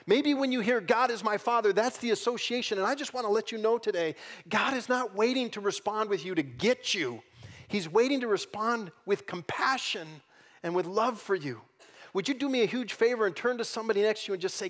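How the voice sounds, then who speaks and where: A male pastor preaching a Sunday sermon in a church, coaxing the congregation to repeat lines after him, swinging between loud emphasis and hushed tones. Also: sits high. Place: church auditorium.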